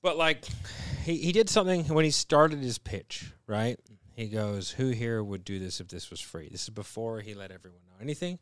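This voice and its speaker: A man's voice: medium pitch, expressive, moderate pace, hardly any pauses, smooth, no room sound, studio quality. A man in casual conversation, retelling a story bluntly with lots of swearing. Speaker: podcast co-host. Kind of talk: casual chat.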